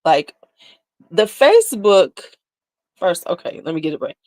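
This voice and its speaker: A woman's voice: fairly low pitch, big pitch swings, measured pace, a little mellow, dry recording. A woman hosting a casual beauty livestream, chatting candidly and sassily with viewers, laughing often. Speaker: beauty channel host.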